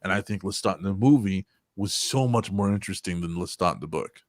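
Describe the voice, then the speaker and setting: A man's voice: low-pitched, a little fast, no echo, studio quality. A man in his forties hosting a casual podcast chat, rambling and swearing often, with frequent laughs. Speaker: podcast host.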